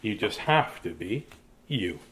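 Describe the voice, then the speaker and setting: This author's voice sits fairly low and swings widely in pitch as he slowly reads his picture book aloud to kids. He keeps it playful and sing-song, lets the endings fall to a gentle hush, then talks about the story in a relaxed way.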